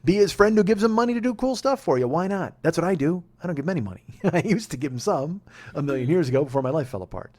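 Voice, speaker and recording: Fast-talking exasperated comedian host. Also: male voice, a little high, very animated, a little mellow. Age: 40s. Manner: profane, exasperated, self-mocking. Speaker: podcast host. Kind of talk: comic storytelling monologue.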